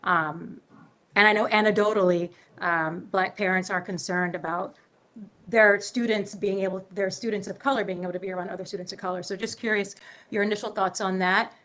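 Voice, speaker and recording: A woman's voice: medium pitch, fairly even intonation, fairly quick, fairly bright tone. A woman on a school board asking questions at a public meeting in a casual, rambling way with many fillers.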